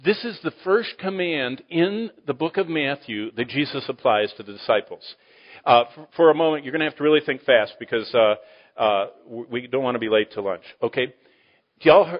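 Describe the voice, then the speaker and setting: A man teaching the Bible to a live audience in sermon style, animated, asking the room questions and swinging between loud emphasis and quiet asides. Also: mid-range voice, normal speed. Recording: dull lo-fi recording.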